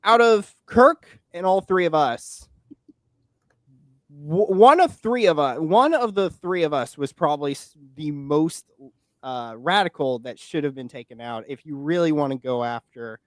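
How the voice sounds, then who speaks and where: Young man, slightly high voice, rambling political chat, dry close sound. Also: animated, a little slow, dry recording. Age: 20s. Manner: rambling, many fillers and restarts. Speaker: podcast guest and political commentator.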